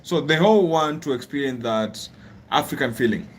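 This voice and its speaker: A man talks in an even, medium-pitched voice and sounds calm and agreeable. He speaks at a measured pace, like a guest in a relaxed street conversation. Faint outdoor noise sits behind his voice. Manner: agreeable, measured, back-channels often. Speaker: fellow travel vlogger, guest. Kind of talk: casual conversation.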